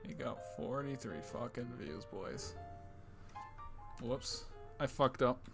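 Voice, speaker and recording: A young man co-hosting a casual reaction chat, excitable and swearing, talking over a call. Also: mid-range voice, takes it slowly, creaky, over loud music. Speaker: channel co-host. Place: home, remote call.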